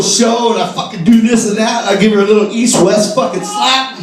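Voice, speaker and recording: A man doing a live stand-up routine on a bar stage, profane and animated, shouting his punchlines. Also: sits high, fairly quick, very noisy. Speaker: stand-up comedian. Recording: echoey bar, distant mic, loud crowd laughter.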